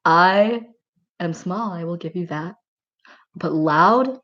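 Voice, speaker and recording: A woman with a low voice chats on a livestream, rambling and breaking into giggles. She fills her talk with "like" and "um". The sound is muffled and lo-fi. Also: slow pace, pauses often, fairly bright tone. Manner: rambling and giggly, many filler words. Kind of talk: casual livestream chat reading comments.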